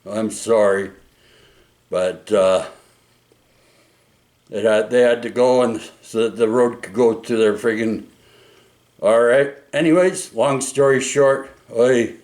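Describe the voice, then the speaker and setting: A middle-aged man talks at an unhurried, drawn-out pace. He rambles through his stories, breaking off and tossing in little interjections. He sits back from the microphone, and the room gives his voice an echoey sound. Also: medium pitch, a little mellow, far from the mic. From Vancouver, Canada. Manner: rambling, frequent restarts and interjections like "oi" and "right?". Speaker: vlogger. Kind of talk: rambling casual storytelling. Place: indoors at home. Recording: roomy echo, speaker away from mic.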